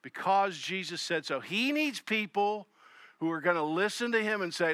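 A man preaching a sermon, acting out the voices of people in his text and swinging between loud emphasis and soft, low asides. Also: normal speed, no room sound, studio quality. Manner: animated, acts out voices of Jesus and Peter.

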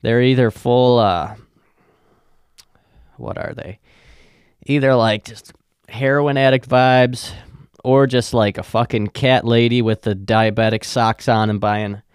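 A young man hosting a podcast who tells rambling, swear-laden stories in a flat, deadpan way. His voice is smooth and resonant. The sound is dry and close to the mic. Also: mid-range voice, no echo. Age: young adult. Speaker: podcast host. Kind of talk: casual storytelling.

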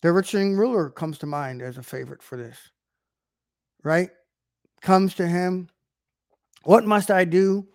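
A man's voice: a little high, a little slow, long pauses, no room sound, clean studio sound. A man giving an informal video sermon, emphatic, often checking in with rhetorical questions. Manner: emphatic, keeps asking "right?". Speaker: online preacher.

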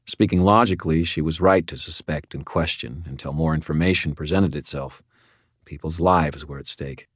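A man reading a first-person audiobook narration in a wry, measured way. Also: rumbling low, no echo, clean studio sound.

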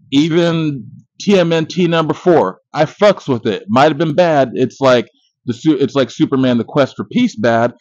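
A man's voice: medium pitch, no echo. Profane, boastful male podcast host. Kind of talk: casual movie review monologue. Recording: dull lo-fi dry recording.

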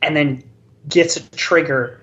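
A podcast co-host tells a long story about a card game match in casual chat. The telling rambles and stammers, with lots of restarts. The voice sits at a middle pitch, and the audio is dull and lo-fi. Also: fairly even intonation, a little slow, a bit bright.

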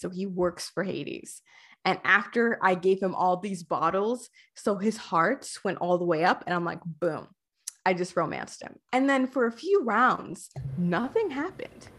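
A woman guest on a podcast, talking casually about a video game in a gushing, animated way with many fillers. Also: on the low side.

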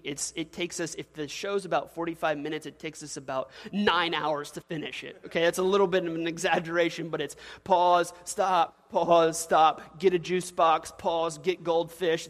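A man in his thirties preaching a sermon as pastor, telling stories with laughs and acted quotes. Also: on the high side. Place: church sanctuary. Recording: long church reverb.

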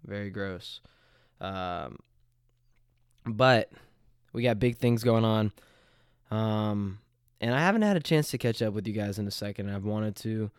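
A congested, nasal young man hosts a laid-back solo podcast, with a smooth voice despite the stuffiness. He rambles, hesitates and restarts his sentences, and he sounds close to the mic in a dry, dead room. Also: fairly low pitch, expressive, a little slow, no room sound. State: congested from allergies. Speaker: podcast host.

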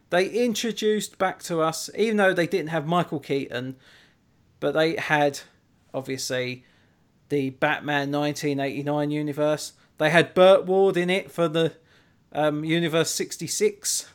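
A man's voice: fairly high pitch, measured pace, gravelly. An English man hosting a podcast, chatting enthusiastically and swearing freely. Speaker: podcast host. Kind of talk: casual chat.

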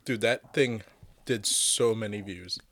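A man hosting a podcast, throwing in quick teasing one-liners. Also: lowish voice, fairly bright tone, no room sound. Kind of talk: casual podcast banter.

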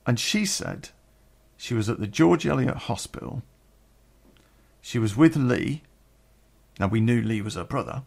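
Gravelly man, unhurried storytelling. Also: fairly high pitch, animated, darkish tone. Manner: candid, rambling, swears freely. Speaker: podcast storyteller. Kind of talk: personal storytelling.

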